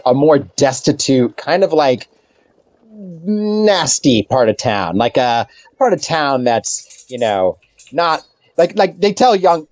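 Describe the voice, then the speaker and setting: A man's voice: mid-range voice, darkish tone, dry recording. A man narrating as game master of a tabletop game, rambling with lots of fillers.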